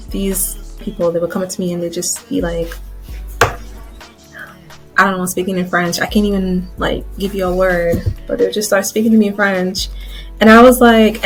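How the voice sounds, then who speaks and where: A woman vlogger talking casually to her viewers, chatty and loose, calling them y'all and guys. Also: mid-range voice. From Guyana. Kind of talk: casual chat to camera.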